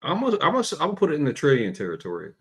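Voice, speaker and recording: A man's voice: a little high, wildly swooping pitch, racing, creaky, fairly bright tone. A man calling in to a talk show, answering in an easygoing, casual way. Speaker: caller. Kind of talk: call-in chat.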